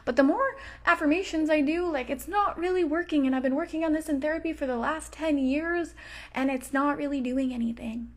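A woman's voice: sits high, fairly even intonation, fast. A woman hosting a self-help podcast, talking casually and swearing freely. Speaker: podcast host. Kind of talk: motivational self-help talk.

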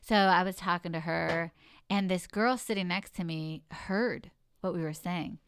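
A woman in casual conversation, telling a story in an animated, expressive way. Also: lowish voice, measured pace, slight background noise. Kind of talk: casual chat.

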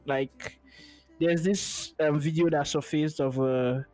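A man's voice: fairly high pitch, steady tone, slow pace, darkish tone, faint music behind, low-quality recording. A man hosting a podcast over a call, talking casually and giving his opinions with many restarts. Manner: laid-back, opinionated, frequent restarts. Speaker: podcast host. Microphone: remote call.

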